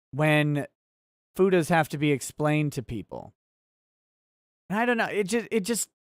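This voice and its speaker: A man hosting a relaxed livestream, reading viewer chat aloud and answering in a rambling, easily sidetracked, wry way. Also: a little high, no echo, clean studio sound.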